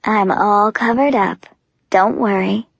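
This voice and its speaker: A woman voicing a calm, teasing young commander. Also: mid-range voice, slow, vocal fry, dry recording, highs cut off. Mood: calmly amused. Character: young male military commander, calm, amused.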